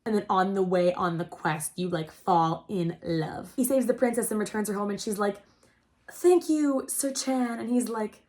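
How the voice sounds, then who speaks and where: A young adult woman hosting a casual storytelling chat, rambling and excitable, saying "like" constantly. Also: mid-range voice, normal speed, hardly any pauses. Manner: rambling and excitable, heavy use of "like". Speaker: host.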